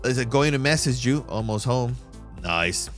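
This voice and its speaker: A man streaming live, talking through trading charts in a relaxed, slang-heavy voice of ordinary pitch. He keeps calling his viewers bro and pushes his points hard. Soft music plays quietly behind him. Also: moderate pace. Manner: emphatic, hype-driven pitch to viewers. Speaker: livestream trading host. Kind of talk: live chart walkthrough and chat shout-outs.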